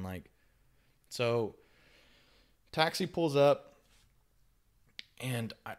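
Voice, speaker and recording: A young man hosting a podcast, telling a story in casual chat, animated and swinging between loud bursts and hushed asides. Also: lowish voice. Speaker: podcast host.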